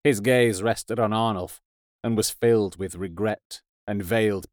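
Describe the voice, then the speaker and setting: A man reading aloud, narrating stories and nonfiction in an even, measured way. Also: lowish voice, no room sound, clean studio sound. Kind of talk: audiobook narration.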